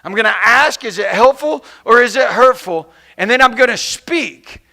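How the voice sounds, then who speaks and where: Casting: male pastor, high pitch, gravelly edge, chatty sermon that acts out complainers. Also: animated, normal speed, bright, forceful tone. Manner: conversational and playful, acts out complaining people. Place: church.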